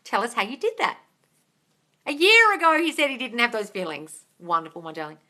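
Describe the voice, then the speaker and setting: A bubbly woman in her thirties hosts a live-stream Q&A. Her voice sits fairly high and sounds very bright and sharp. She squeals and laughs often as she reads out comments and answers them. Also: huge pitch swings, fairly quick. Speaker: manifestation coach.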